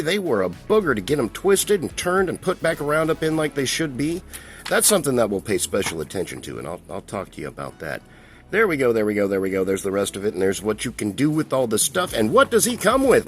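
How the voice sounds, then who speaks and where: Lively folksy man reviewing a toy. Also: medium pitch. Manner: folksy and enthusiastic, talks to viewers as he handles the toy. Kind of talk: casual toy review and unboxing.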